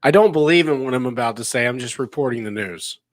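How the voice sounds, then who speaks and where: A man's voice: mid-range voice, expressive, quick pace, no room sound. Man, podcast co-host, casual chat, rambling storyteller, chuckles, dry close sound.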